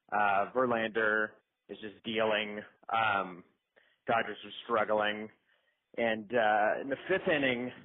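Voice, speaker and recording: Man rambling on a tinny voicemail. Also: fairly low pitch. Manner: rambling, self-deprecating, lots of fillers. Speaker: caller leaving voicemails. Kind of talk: casual storytelling voicemail. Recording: tinny phone voicemail line.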